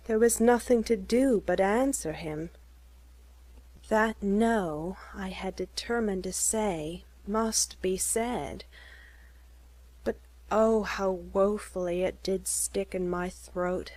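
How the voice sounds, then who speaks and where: A woman narrating a first-person story slowly and clearly for English learners. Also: medium pitch, a little mellow, no echo.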